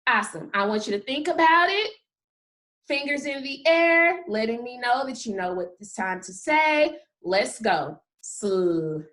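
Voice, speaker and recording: A woman's voice: sits high, lively intonation, a bit bright. A woman kindergarten teacher giving a recorded phonics lesson, stretching out sounds one at a time and praising the children often. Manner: slow, exaggerated sound-by-sound modeling with upbeat praise.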